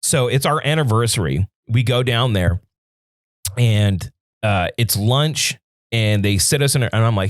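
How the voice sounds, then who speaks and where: Male podcast co-host, lively pitch, dry close mic, profane animated storyteller. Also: normal speed, no echo. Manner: animated storytelling, swearing, acts out his own angry rants. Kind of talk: casual chat.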